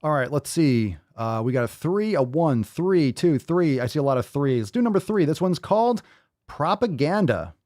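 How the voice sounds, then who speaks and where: A man's voice: a little high, very animated, moderate pace, a little mellow, no echo, studio quality. A man hosting a livestreamed podcast, ranting with constant profanity and sarcasm while reading viewer comments. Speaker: podcast host. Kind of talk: livestream rant.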